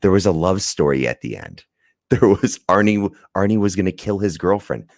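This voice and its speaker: A man's voice: sits low, lively intonation, normal speed, no room sound, studio quality. A man co-hosting a podcast, chatting casually and rambling through a movie review, laughing and swearing as he goes. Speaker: podcast co-host.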